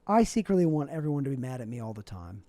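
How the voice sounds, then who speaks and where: A young man rambles through a deadpan comedic monologue, his pitch jumping around a lot as he goes. The tone is warm and mellow, and the recording is dry and close with no room sound. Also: quick pace, no room sound. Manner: deadpan, rambling, absurd asides. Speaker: comedic vlogger.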